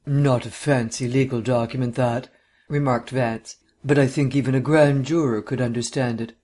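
Drawling gentleman detective, airy, mocking, unemotional, voiced by a male reader. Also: mid-range voice, fairly even intonation, moderate pace, lightly acted.

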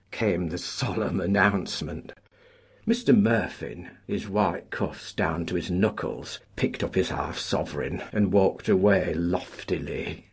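A man narrating a story, measured and expressive. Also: deep voice, slightly rough. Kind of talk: audiobook narration.

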